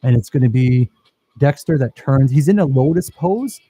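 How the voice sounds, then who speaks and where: A man's voice: medium pitch, lively intonation, normal speed, dark tone, husky, no room sound, poor audio. A man teaching a filmmaking workshop, talking casually and enthusiastically over his own footage and praising his students.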